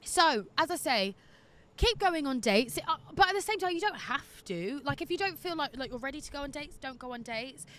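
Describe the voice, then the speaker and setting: A woman hosting an advice podcast in casual chat, candid and quick to laugh. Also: high-pitched, lively intonation, a bit bright. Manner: chatty and candid, laughs easily. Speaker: podcast host giving listener advice.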